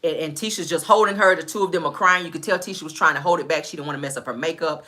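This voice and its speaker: A woman's voice: low-pitched, racing, pushed and bright. A woman casually recapping a reality TV episode, chatty and storytelling, often checking in with "all right?".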